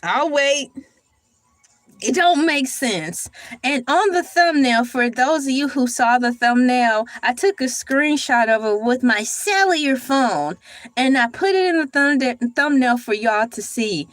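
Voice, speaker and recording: A young woman chats through a morning livestream in a high, bright-pitched voice. She is playful and animated, talking straight to her viewers. The sound is close and dry, with no room around it. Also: measured pace, no room sound. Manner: animated, playful, talks to chat and does voices. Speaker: livestream host. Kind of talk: casual morning livestream chat.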